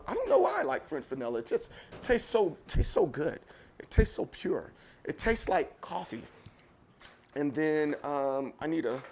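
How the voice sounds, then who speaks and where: A man with a slightly high, darkish-toned voice hosts a casual livestream from his home kitchen, talking straight to viewers in a chatty, rambling manner while walking with a handheld camera. A little hiss or hum can be heard.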